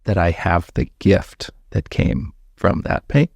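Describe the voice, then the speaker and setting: A man hosting a podcast, asking reflective questions in an unhurried, casual way. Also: sits low, animated, gravelly, slightly rough, no echo, studio quality. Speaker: podcast host. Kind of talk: casual interview chat.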